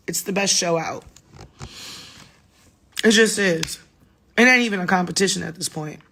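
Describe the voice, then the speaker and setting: A woman's voice: on the low side, gravelly, fairly bright tone, slight background noise. A woman in her thirties, a little drunk, rambling casually and profanely to fans in a late-night phone livestream.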